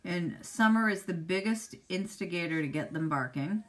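Low-voiced chatty middle-aged woman. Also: expressive, normal speed. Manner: chatty, answers viewers by name. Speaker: makeup seller hosting a live demo. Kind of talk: casual live-stream chat.

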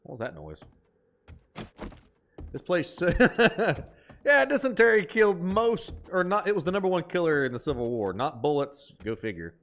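A man's voice: fairly high pitch, sing-song, moderate pace, a bit bright, a little hiss or hum. A man with an Appalachian twang, chatting casually while streaming a game, reading chat aloud and laughing easily.

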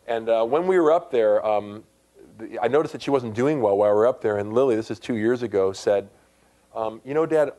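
A middle-aged man, a pastor giving a conversational sermon with loud, emphatic rises in his voice. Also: mid-range voice.

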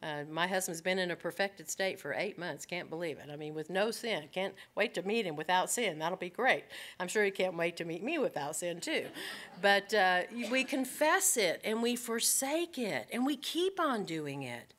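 A woman teaching a women's Bible study, earnest and direct, asking her listeners rhetorical questions and slowing down to stress key points. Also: on the low side, lively intonation, a bit bright.

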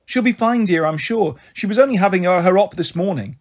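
A man's voice: high-pitched, lively intonation, a little fast. A man doing a kindly motherly woman. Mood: soothing. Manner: soothing, calls people dear and pet. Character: kindly middle-aged woman, gentle and motherly.

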